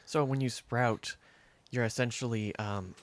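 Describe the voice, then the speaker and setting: A man's voice: medium pitch, steady tone, dry recording. Eager male farmer explaining sprouting. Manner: eager, explanatory, a bit halting. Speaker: farmer, podcast guest. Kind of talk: casual podcast chat.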